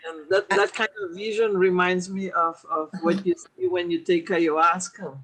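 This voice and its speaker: A woman's voice: lowish voice, fairly even intonation, moderate pace, a bit bright. A woman hosting a casual interview, enthusiastic, asking questions and adding her own reflections. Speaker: host.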